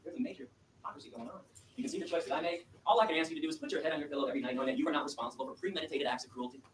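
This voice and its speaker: Rapid-fire, high-voiced man lecturing. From Michigan, USA. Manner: rapid, animated storytelling, driving and emphatic. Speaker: activist lecturer. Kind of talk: impassioned speech with audience questions. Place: lecture room with audience. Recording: echoey room, distant mic, faint hiss.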